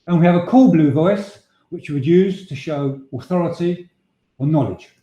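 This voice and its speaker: A man's voice: on the high side, warm tone, dull audio. A man presenting a webinar on voice and leadership, explaining points steadily with occasional restarts. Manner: measured, explanatory, with frequent filler restarts. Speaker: voice and presentation trainer. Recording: echoey room sound.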